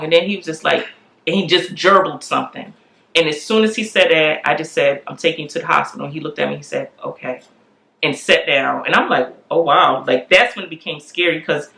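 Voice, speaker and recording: A woman in her forties telling a candid family story in a lively way, acting out the voices of the people in it. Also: lowish voice. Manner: animated, acts out quoted voices. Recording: echoey room.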